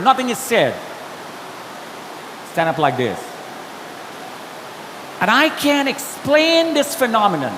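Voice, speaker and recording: Animated man telling his story in a hall. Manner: animated, acts out dialogue with shifting pitch. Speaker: guest speaker sharing testimony. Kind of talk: storytelling testimony. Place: church auditorium. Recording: long hall reverb with faint hiss.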